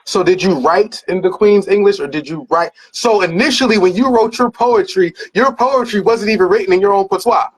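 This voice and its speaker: A man's voice: high voice, a little fast, few pauses, slightly rough, poor audio. A man hosting a casual interview, giving short affirmations and thinking aloud as he frames his questions. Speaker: host.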